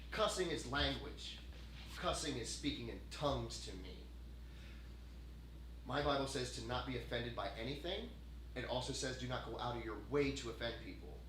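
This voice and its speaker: A man hosting a podcast, talking casually in a rambling, profane, animated way. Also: medium pitch, normal speed. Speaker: podcast host. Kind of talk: casual chat. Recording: echoey room, mic at a distance, faint hiss.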